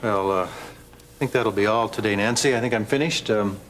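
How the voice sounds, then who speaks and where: An actor playing an easygoing physical therapist in a TV drama, speaking calmly. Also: male voice, on the low side, normal speed, a little hiss or hum, lightly acted, rough recording. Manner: calm and easygoing. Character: easygoing, self-aware male physical therapist. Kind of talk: daytime TV drama acting.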